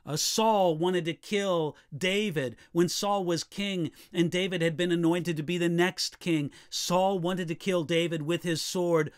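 A man preaching a sermon, reading scripture slowly and asking the listeners rhetorical questions. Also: high voice, steady tone, clean tone.

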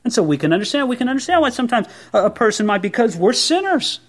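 Lively high-voiced male preacher. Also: fast. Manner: animated, conversational preaching with rhetorical questions. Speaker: pastor. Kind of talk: sermon.

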